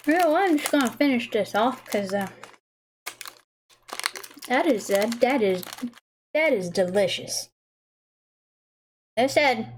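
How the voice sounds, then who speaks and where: A woman's voice: high-pitched, lively intonation, a little slow, long pauses. Bubbly, giggly woman. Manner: bubbly, giggly, stumbles over words while reading. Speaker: livestream host tasting snacks. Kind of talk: casual livestream chat.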